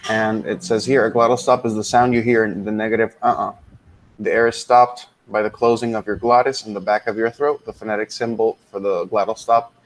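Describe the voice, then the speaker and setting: Relaxed man teaching English grammar, fairly low. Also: brisk, a little hiss or hum, poor audio. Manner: relaxed, thinks aloud with many ums and mutters asides. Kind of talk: casual grammar lesson, switching into Spanish.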